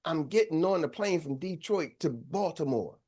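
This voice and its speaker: A man's voice: on the high side, lively intonation, normal speed, darkish tone, breathy edge. A middle-aged man, a sales coach giving a motivational talk, telling stories in a preachy way and calling out to his audience. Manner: preachy, storytelling, calls out to the audience. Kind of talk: motivational speech.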